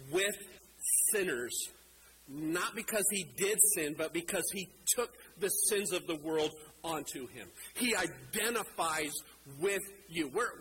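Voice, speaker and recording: A male preacher delivering a sermon in a fairly high voice. He grows animated and acts out scripture, slowing down to stress key lines. A clear layer of noise runs under the recording. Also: rough recording. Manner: animated, acts out scripture quotes, slows for emphasis.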